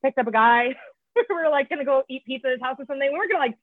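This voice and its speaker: Woman, guest, fast talker, frank and profane, tinny phone line. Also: high-pitched, no echo. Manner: frank, profane, fillers of "like" and "you know". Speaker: podcast guest, author in recovery. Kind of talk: candid conversational storytelling.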